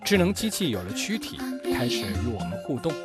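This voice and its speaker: A man's voice: mid-range voice, sing-song, fairly quick, over loud music. Formal male documentary narrator. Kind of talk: scripted narration.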